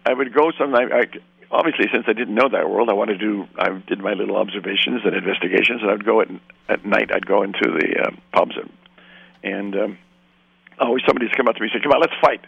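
A man's voice: lowish voice, fast talker, gravelly, slightly rough, no room sound, phone-quality sound. An older man from Canada, a film director, telling rambling anecdotes in a radio interview and acting out the voices of the people in his stories.

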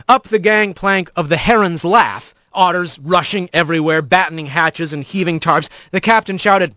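A man narrates a storybook with an expressive, animated delivery. His voice sits high and moves through a wide range. The recording is close and completely dry. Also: normal speed, no room sound. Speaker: audiobook narrator.

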